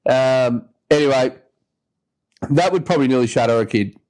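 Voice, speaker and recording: Australian bloke, podcast host, loose rambling storyteller, mid-pitched voice. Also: male voice, normal speed, a little mellow. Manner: rambling yarn-spinner, acts out quoted voices. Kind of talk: casual storytelling chat.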